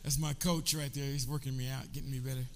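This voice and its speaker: Speaking fast in a level tone at medium pitch, an older pastor preaches and calls on his congregation to respond to him. The sermon takes place in a church sanctuary with a long hall reverb.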